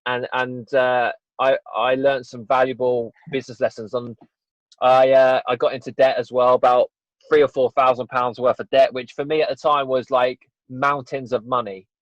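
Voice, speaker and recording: A man's voice: mid-range voice, flat delivery, normal speed, dry recording. A man in his twenties, a podcast guest, telling his story in a rambling, candid way with many restarts. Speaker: guest, fitness business owner. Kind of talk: casual podcast interview. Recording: dull dry lo-fi audio.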